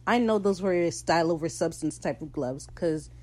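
A woman hosting a podcast, recapping a TV episode in casual, opinionated talk and slipping into quick character voices. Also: on the low side, mellow, poor audio. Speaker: podcast host.

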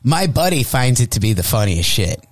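A man's voice: mid-range voice, moderate pace, dry recording. A male comedian telling a profane comic story as a guest, acting out the voices he quotes. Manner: animated, acts out quoted voices. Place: radio studio.

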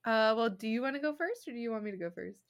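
A woman's voice: a little high, lively intonation, fast talker. A young woman co-hosting a podcast in casual chat, rambling with lots of fillers and giggles. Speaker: podcast co-host.

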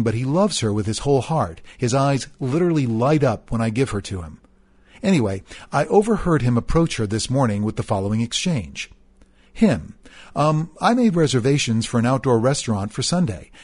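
A man's voice: mid-range voice, a little mellow, no room sound. A middle-aged man reading a personal story aloud, then reflecting on his own marriage in an earnest, candid way with hesitant restarts. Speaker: narrator.

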